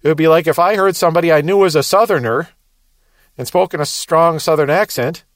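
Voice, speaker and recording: Male bible teacher, midwestern accent, slightly high voice, dry close sound, verse-by-verse explaining. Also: a little fast, no room sound. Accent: Midwestern American. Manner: explanatory, repeats words, light chuckles.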